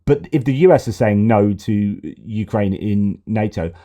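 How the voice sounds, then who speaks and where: A man's voice: fairly low pitch, unhurried, mellow. A man giving sarcastic, exasperated political commentary, often repeating himself. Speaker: news commentator.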